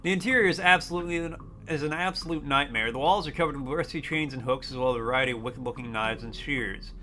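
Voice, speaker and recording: A man's voice: medium pitch, fast talker, sharp tone. A man streaming a game, reading its text aloud in a playful, jokey way. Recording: faint music behind.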